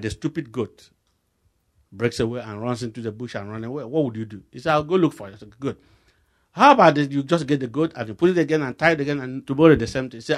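A middle-aged Nigerian man preaching a sermon, telling stories and jumping up loudly to stress his points. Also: mid-range voice. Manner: animated storytelling with voice rising sharply for emphasis.

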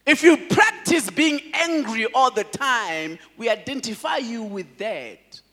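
A man, a pastor, preaching a sermon in an animated way, laughing often and calling out to his congregation. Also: extremely high pitch, unhurried, big-room sound.

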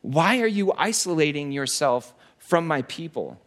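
God speaks in a stern yet caring way, asking direct, searching questions, voiced by a male preacher. The voice stays close to the preacher's own, a little high for a man. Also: lively intonation, unhurried. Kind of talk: sermon.

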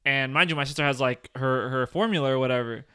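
Smooth-voiced young man, swearing storyteller. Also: mid-range voice, fast, dry recording, clean studio sound. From New Jersey. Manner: animated storytelling, swears freely, restarts words. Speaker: podcast co-host. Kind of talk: casual chat.

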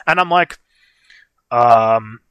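A man's voice: medium pitch, animated, drawn-out words, bright, forceful tone, clean tone, no room sound. A young man, co-hosting a livestream and telling a long story in casual chat full of fillers. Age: young adult. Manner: rambling storytelling with frequent fillers. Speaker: livestream co-host.

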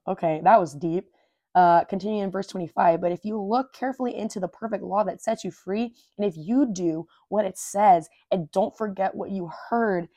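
A woman's voice: mid-range voice, warm tone, no room sound, studio quality. A woman hosting a casual faith podcast, reading Bible verses aloud and commenting in an earnest, informal way. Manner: earnest and informal, says "dude" and "like"; reads scripture aloud and repeats verses. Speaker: podcast host.

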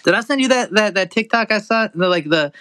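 A man's voice: sits high, expressive, brisk, bright, forceful tone. A young man hosting a podcast, chatting casually, rambling with lots of fillers and swearing. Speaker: podcast host. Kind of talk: casual profane chat.

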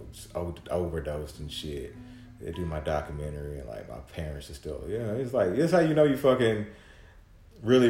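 A man with a rumbling, slightly mellow low voice rambles through a casual, profane solo podcast monologue, full of restarts and mumbled asides. The room is echoey, with faint guitar music in the background.

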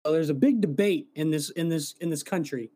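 A man's voice: fairly high pitch, fairly quick, mellow. A man co-hosting a podcast, chatting casually and rambling, swearing now and then. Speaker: podcast co-host. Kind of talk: casual chat.

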